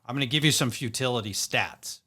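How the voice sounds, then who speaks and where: A man's voice: mid-range voice, brisk, pushed and bright, husky. A man hosting a fantasy sports podcast, reading off stats with emphatic, playful delivery. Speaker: podcast host.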